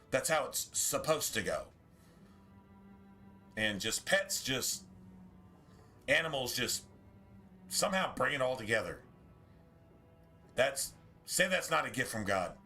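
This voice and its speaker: Guy streaming a game, bright forward voice, rambling chat, faint music behind. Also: mid-range voice. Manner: rambling, talks in restarts and asides. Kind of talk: casual chat while streaming gameplay.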